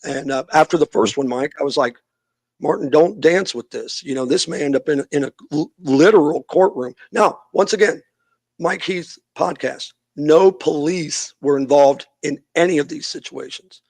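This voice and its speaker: A man's voice: a little high, moderate pace, a little mellow, no room sound. A middle-aged man, a youth minister and podcast guest, telling a long story in casual interview talk and acting out the people he quotes.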